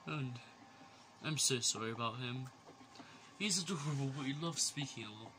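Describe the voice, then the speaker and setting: A man gaming in his bedroom narrates his play for YouTube at a medium pitch and fairly quick pace, playful and chatty, with bursts of exclamation. Loud background noise fills the recording.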